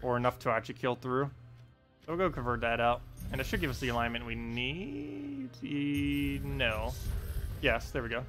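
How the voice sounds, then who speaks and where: A man's voice: medium pitch, big pitch swings, moderate pace, a bit bright. A man streaming a video game, casually talking through his moves and thinking aloud with lots of filler words. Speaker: gaming live streamer. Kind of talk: casual gameplay commentary. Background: faint game music.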